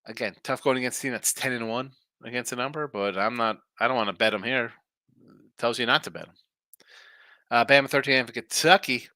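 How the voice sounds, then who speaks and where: Man, betting show host, rambling casual talk, bright tense voice, dry close sound. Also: mid-range voice, fairly quick, vocal fry, dry recording. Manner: rambling, reads out viewer messages and answers them. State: tired, yawning. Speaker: sports betting podcast host. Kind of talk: casual live-stream chat.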